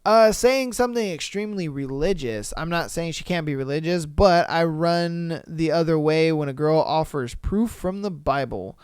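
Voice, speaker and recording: High, smooth-voiced young man riffing. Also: animated, a little mellow, no room sound, clean studio sound. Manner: blunt, profane, joking, fast talker. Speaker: podcast host. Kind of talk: casual chat.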